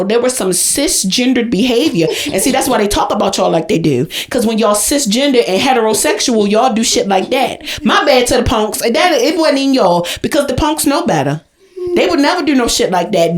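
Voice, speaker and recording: A young adult woman co-hosting a podcast, ranting loudly and profanely in an overdramatic comedic tirade. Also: fairly high pitch. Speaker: podcast co-host. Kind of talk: comedic rant. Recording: roomy echo.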